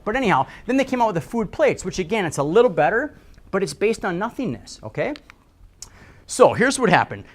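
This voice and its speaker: A middle-aged man giving a casual, animated health talk to a live audience, often asking them to agree. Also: a little high. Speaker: health speaker.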